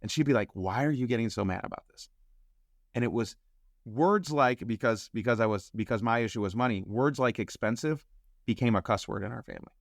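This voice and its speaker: A man telling a personal story as a podcast guest, acting out the quoted dialogue with lively shifts in voice. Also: mid-range voice, a little fast, dry recording, clean studio sound. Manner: animated storyteller who acts out quoted dialogue.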